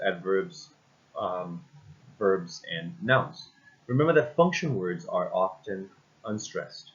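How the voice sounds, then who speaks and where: A man's voice: sits low, lo-fi sound. A man teaching a recorded lesson, walking through steps and often saying "again" and "basically" with frequent ums. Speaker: instructor.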